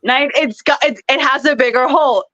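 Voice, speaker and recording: Giggly high-voiced young woman, lo-fi call. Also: a little fast, no echo. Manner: chatty, giggly, animated storyteller. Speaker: guest, professional wrestler. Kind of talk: casual interview chat. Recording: dull, lo-fi dry sound.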